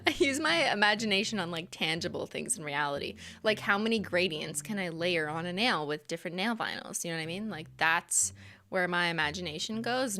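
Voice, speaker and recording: A woman's voice: on the low side, bright, forceful tone. A woman streamer chatting casually and rambling while playing a game, laughing often.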